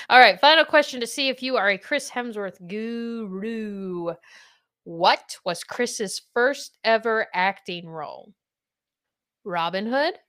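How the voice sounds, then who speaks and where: A woman in her thirties who hosts a podcast, chatting casually and quizzing her guest with lively swings in pitch. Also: slow, long pauses. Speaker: podcast host. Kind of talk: casual chat.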